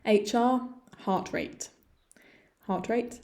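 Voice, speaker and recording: English woman teaching slow, clear pronunciation. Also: mid-range voice, a little mellow. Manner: slow, clear pronunciation drills, repeating words. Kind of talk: lesson narration over slides.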